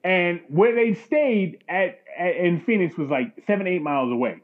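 A man's voice: sits high, moderate pace, narrow, tinny audio. A man co-hosting a podcast, telling a long profane story in casual chat and acting out the voices in it. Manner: profane, animated storyteller who acts out quotes. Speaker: podcast co-host.

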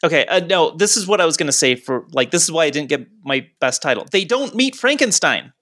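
A man's voice: a little high, big pitch swings, a little fast, a bit bright, no room sound, studio quality. A man co-hosting a casual podcast, starting hesitantly before landing jokes. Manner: hesitant starts, then jokey. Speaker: podcast co-host. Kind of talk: casual chat.

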